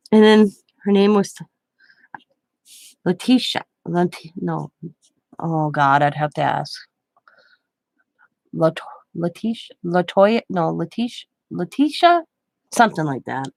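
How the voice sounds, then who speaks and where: Older woman, gravelly voice, rambling chatty vlog story, dry close sound. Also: on the low side, animated, takes it slowly, pauses often, no echo. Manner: rambling, chatty, self-correcting. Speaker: craft vlogger. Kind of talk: casual storytelling.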